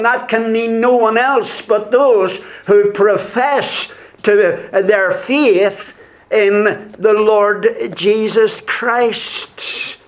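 A man preaching a sermon to his congregation, speaking deliberately and repeating key phrases for emphasis. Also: high voice, fairly even intonation.

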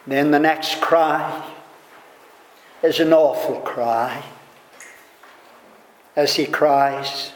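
A preacher gives a slow, deliberate sermon at an unhurried pace, building rising emphatic swells while his intonation otherwise stays fairly even. His fairly high voice echoes through a big hall, with a faint room hum beneath it.

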